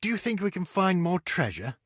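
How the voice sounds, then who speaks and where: Lively, encouraging male game narrator. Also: high-pitched, brisk. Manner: cheerful, encouraging, addresses the child. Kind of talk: children's educational game narration. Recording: noisy game audio.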